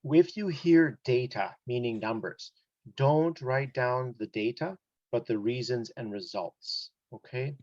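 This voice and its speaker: A man's voice: medium pitch, measured pace, darkish tone, no echo, dull audio. Casual man teaching a test-prep lesson. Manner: casual, explains with examples, many "like" and "you know". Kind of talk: one-on-one online lesson.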